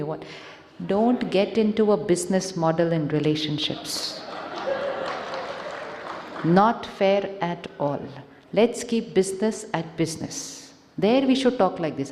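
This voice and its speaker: A woman's voice: fairly low pitch, normal speed, a little mellow, slight background noise. A woman with an Indian English accent gives an inspirational talk to a live audience, asking them questions and switching into Hindi. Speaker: spiritual speaker. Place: large conference hall. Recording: echoey hall with long reverb.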